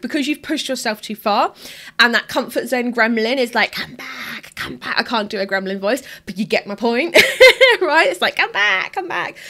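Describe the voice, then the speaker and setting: A woman business coach, maybe in her thirties and from the UK, talking casually to camera and acting out quoted voices. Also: fairly high pitch. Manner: animated, acts out quoted voices.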